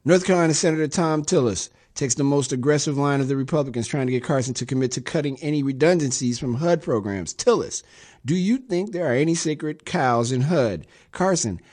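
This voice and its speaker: A man's voice: fairly high pitch, animated, brisk, a little mellow. A man hosting a radio show, reading news quotes and adding sarcastic, wry asides in a loose commentary style.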